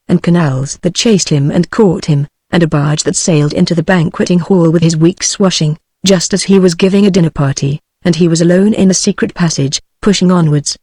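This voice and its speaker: A text-to-speech woman's voice with a British accent, reading a storybook aloud in an even, measured way. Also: on the low side, dry recording. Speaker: audiobook narrator. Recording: dry synthetic voice.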